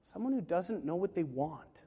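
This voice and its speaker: Male pastor, high voice, emphatic delivery, long hall reverb, sermon. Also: expressive, moderate pace, mellow, husky. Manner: emphatic, rhetorical questions, acts out quoted voices. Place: large room with a live congregation.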